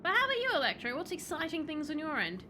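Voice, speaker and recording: Chatty high-voiced woman streamer. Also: huge pitch swings, fast, bright, forceful tone, slight background noise, low-quality recording. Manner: chatty, reads game lines aloud, greets chat. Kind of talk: casual game streaming chat.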